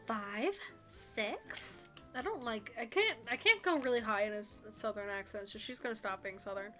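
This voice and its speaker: A woman streamer reading a visual novel aloud on stream, with an animated, giggly manner and chatty asides to her audience. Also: fairly high pitch, fast, music in the background.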